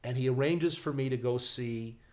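A man telling a casual anecdote in an animated way, acting out the people in it. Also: mid-range voice, normal speed. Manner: animated, acts out quoted voices, restarts. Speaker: storyteller guest.

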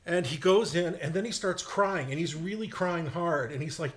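A man chatting on a podcast in a halting, hesitant way with a dry delivery. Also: fairly high pitch, fairly bright tone. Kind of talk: casual chat.

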